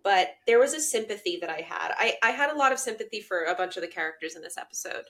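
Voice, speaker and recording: A young woman co-hosting a casual recap chat, eager and agreeable, quick to chime in. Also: mid-range voice, expressive, a bit bright. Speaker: podcast co-host.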